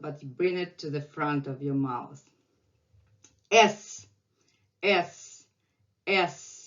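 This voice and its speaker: A woman with a Russian accent leads an alphabet lesson, drilling each sound again and again. She speaks slowly, in a slightly low voice. The recording sounds somewhat muffled. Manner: patient, repeats each sound many times. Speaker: Russian language teacher.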